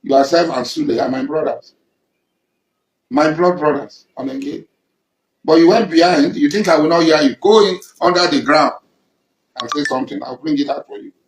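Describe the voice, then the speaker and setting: A man's voice: fairly high pitch, moderate pace, reverberant, rough recording. A middle-aged Nigerian man in a confrontational public address, accusing and emphatic, repeating lines for force. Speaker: traditional ruler and political figure.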